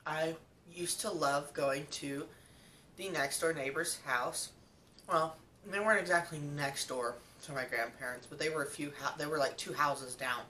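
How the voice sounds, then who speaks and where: A woman's voice: low voice, sharp tone, distant mic, a little hiss or hum. A young woman vlogger chatting casually while she eats, telling a story with lots of ums and likes. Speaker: mukbang vlogger.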